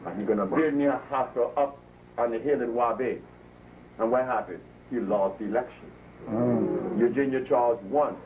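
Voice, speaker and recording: A man's voice: mid-range voice, moderate pace, darkish tone. A man giving a public lecture to an audience, talking in an emphatic, preachy storytelling way. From Honduras. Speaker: herbalist speaker. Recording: distant mic with faint noise.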